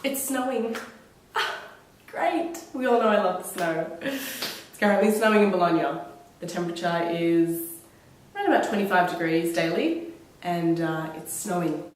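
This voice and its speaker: A woman's voice: fairly low pitch, lively intonation, moderate pace, pauses often, slight background noise. A young woman vlogging at home while sick with a cold, coughing now and then, talking in a sarcastic, dramatic, rambling way. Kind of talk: casual vlog monologue. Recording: very echoey room, mic far off.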